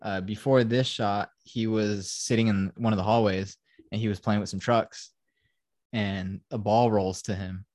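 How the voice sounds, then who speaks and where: A man's voice: fairly low pitch, steady tone, a little slow, a little mellow, no room sound, clean studio sound. A young man hosting a casual podcast, animatedly retelling a film scene by scene with lots of swearing and acted-out quotes. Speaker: podcast host. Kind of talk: casual film-review chat.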